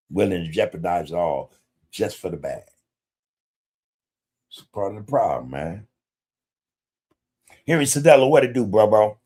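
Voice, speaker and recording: This podcast host's voice sits at medium pitch, animated and a little mellow, at a moderate pace. Running his livestream with casual commentary, he speaks bluntly in profane street slang and says hello to people in the chat.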